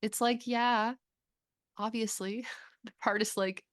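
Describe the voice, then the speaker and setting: A woman hosting a podcast, talking candidly and swearing freely, with halting restarts. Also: a little high, a bit bright, no echo, clean studio sound. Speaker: podcast host. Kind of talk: candid therapy-style conversation.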